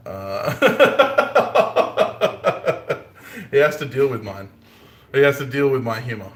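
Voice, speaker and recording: An Australian man with a medium-pitched, brisk delivery chats on a live stream as a bladesmith, frequently joking, punning and laughing. He's recorded in an echoey, spacious forge workshop.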